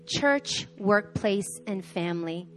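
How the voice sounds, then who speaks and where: A woman preaching a sermon at a church service in an animated way, acting out the voices she quotes. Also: mid-range voice, slow pace. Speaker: guest preacher.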